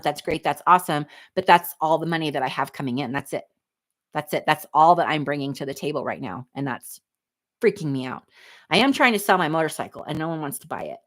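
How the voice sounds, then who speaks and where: Snarky, chatty woman host, low voice. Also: fairly bright tone. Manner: snarky, candid, chatty, reads comments aloud. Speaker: livestream host reading chat. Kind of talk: casual livestream chat.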